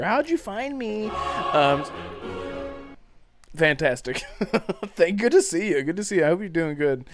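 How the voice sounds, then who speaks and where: A man's voice: a little high, normal speed, faint music behind. A man hosting a casual gaming podcast livestream, reading chat messages aloud and laughing often. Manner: animated, laughs often, acts out movie lines.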